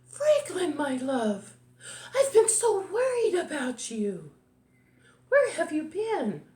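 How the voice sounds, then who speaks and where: A woman's voice: wildly swooping pitch, slow, dark tone, heavily acted. A woman voicing a fond, worried mother turtle in a children's story. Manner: fond and high. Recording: echoey room.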